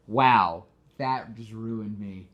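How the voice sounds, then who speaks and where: A man's voice: fairly low pitch, very slow, muffled recording. A man co-hosting a podcast, casually retelling movie scenes and acting out the characters' lines, with plenty of fillers and restarts. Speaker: podcast co-host pitching a movie.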